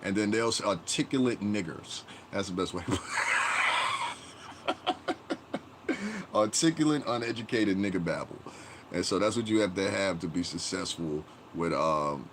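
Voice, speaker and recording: A man's voice: deep voice, fairly bright tone, slight background noise. A man hosting a livestream, ranting bluntly and profanely to his chat and rambling with many fillers. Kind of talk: casual livestream rant.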